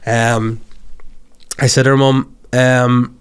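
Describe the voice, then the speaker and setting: A Northern Irish comedian in his thirties hosts his own podcast. He spins long, animated stories peppered with swearing. His voice sits in an ordinary middle register. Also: medium pitch, a little fast. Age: 30s. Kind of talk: comic storytelling monologue.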